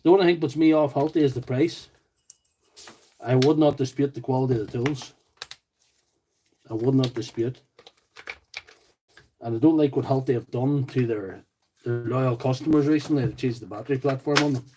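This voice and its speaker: A man's voice: mid-range voice, fairly even intonation, normal speed, long pauses, warm tone, slight background noise, low-quality recording. A man from County Tyrone with a Northern Irish accent, chatting casually on a tool repair livestream, joking and answering viewer comments while he works. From Northern Ireland. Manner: chatty, joking, rambling asides while working.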